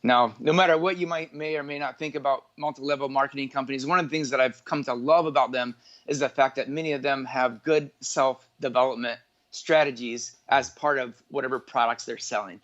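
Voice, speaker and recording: A man's voice: medium pitch, fairly even intonation, a little fast, a bit bright, dull audio. A man in his forties, an entrepreneur from northwest Indiana, telling his life story as an interview guest in a rambling way, full of filler words and self-corrections. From northwest Indiana, USA.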